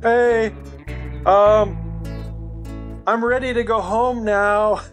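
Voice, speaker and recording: A man's voice: sits high, steady tone, drawn-out words, soft background music, voice pushed up. A man putting on the voice of a drunk homeless man in a jail cell, who rambles and repeats himself. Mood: pleading.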